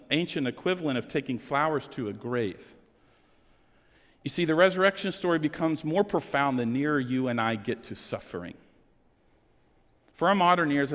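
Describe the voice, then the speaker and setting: A man pastor delivering a sermon, earnest and emotional, with sweeping rises and falls in his delivery. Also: fairly bright tone. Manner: emotional, earnest preaching with dramatic swings in pitch. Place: church sanctuary. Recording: long hall reverb.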